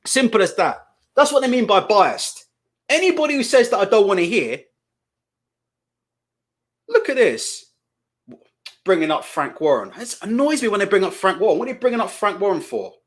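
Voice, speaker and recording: A man's voice: high-pitched, very animated, moderate pace, long pauses. A man hosting live boxing commentary, ranting indignantly and profanely, hammering the same questions again and again.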